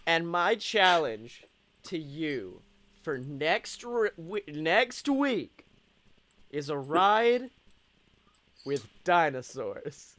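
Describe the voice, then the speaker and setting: Bright, excitable male podcast host. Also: fairly high pitch, drawn-out words, pauses often. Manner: excitable, profane, laughs often. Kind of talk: casual comedy chat.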